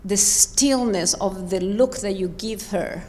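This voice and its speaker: A woman's voice: mid-range voice, takes it slowly, mellow, in a large hall. A woman coaching dancers in a live rehearsal, emphatic and encouraging as she talks them through each step in a large performance studio. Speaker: ballet coach.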